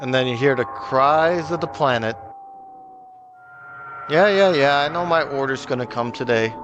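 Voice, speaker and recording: A man's voice: mid-range voice, moderate pace, lo-fi sound, music in the background. A man streaming a video game, chatting casually with his viewers in loose slang. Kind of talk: casual live-stream commentary.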